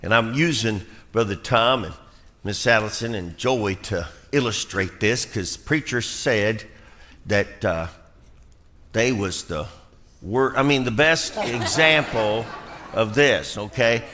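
A man preaching a folksy, animated sermon in a church, calling a family up front to demonstrate his point. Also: on the low side, slow pace, big-room sound. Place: church sanctuary.

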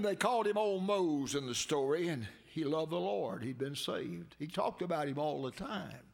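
A man preaching a sermon, fervent and emphatic, who swings from high pleading cries to low earnest asides. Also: gravelly.

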